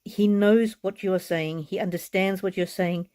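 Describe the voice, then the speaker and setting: Gentle, tearful woman reading oracle cards. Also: mid-range voice, steady tone, moderate pace. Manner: gentle, repetitive, heartfelt. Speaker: oracle card reader. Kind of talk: live card reading.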